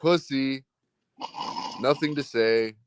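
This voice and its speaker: A man with an Irish accent debating online, trading slow, deliberate taunts and insults. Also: medium pitch, smooth.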